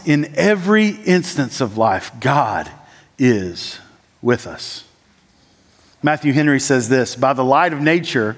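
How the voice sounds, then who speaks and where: Guy preaching a sermon, kinda high voice, lots of uh and like, long hall echo. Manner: swings from raised, urgent lines to low, slow, quiet ones; frequent fillers like "uh" and "like". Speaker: church planting resident preaching. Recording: long church-hall reverb.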